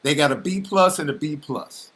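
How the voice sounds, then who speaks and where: Male sports podcast co-host; playful, talkative, bright tone. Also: a little high, moderate pace. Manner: animated, teasing, laughs often, repeats himself. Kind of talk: casual sports banter.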